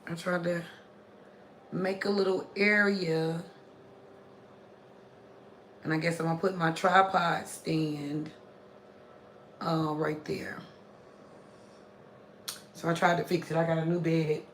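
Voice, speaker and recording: A hoarse woman chatting casually with viewers on a home live stream from a small room, greeting them in many languages. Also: sits low, little pitch movement, slow pace, long pauses, slight background noise. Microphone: phone camera. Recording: roomy home recording.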